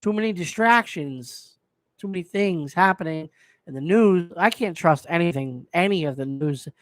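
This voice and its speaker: A man's voice: high voice, expressive, normal speed, no echo. A man hosting a live stream, ranting in a heated way and swearing freely. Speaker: host.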